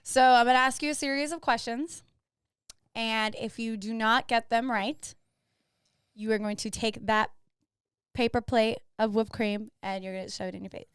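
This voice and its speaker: A woman in her twenties with a higher, clear voice rants emphatically while co-hosting a podcast. The sound is dry and close. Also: fairly even intonation, moderate pace, no room sound. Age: 20s. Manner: ranting, emphatic. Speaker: podcast co-host. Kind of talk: casual chat.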